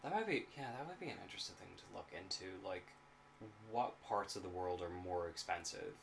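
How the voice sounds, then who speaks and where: A chatty Irish man co-hosting a podcast, his voice sitting a little low. He talks loosely, swears casually and laughs often, with a faint hum of room ambience behind him. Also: big pitch swings, brisk, gravelly, fairly bright tone. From Ireland. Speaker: podcast co-host. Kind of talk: casual chat.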